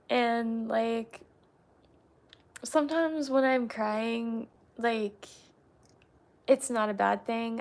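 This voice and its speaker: A woman chatting casually with her livestream viewers, halting and soft-spoken with many fillers and restarts. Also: medium pitch, gravelly. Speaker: livestream host.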